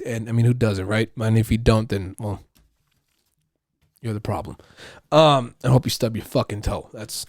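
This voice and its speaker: A man's voice: on the low side, darkish tone, no room sound, clean studio sound. A man hosting a podcast, telling stories in a casual, profane, rambling monologue with frequent laughter. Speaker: podcast host.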